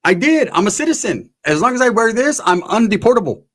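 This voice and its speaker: A man's voice: high voice, big pitch swings, brisk. A man co-hosting a live-stream chat, joking around and swearing casually. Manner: joking, profane, easygoing. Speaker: co-host.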